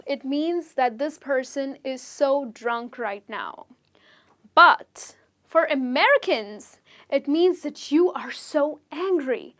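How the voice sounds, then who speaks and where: A woman's voice: sits high, expressive, takes it slowly. A young woman from India, teaching slang expressions in a chatty lesson and checking in with "okay?". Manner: chatty, explains with stories and frequent "okay?" check-ins. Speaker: English teacher. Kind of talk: explaining slang in a video lesson.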